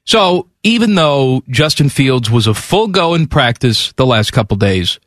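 A man's voice: medium pitch, sing-song, a little slow, a bit bright, no room sound, clean studio sound. A man co-hosting sports talk radio, joking wryly and reading ads with a playful edge.

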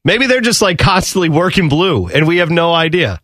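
Man, sports radio co-host, casual chat, slightly high voice, dry sound. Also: lively intonation, brisk, a bit bright, no room sound. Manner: conversational, musing.

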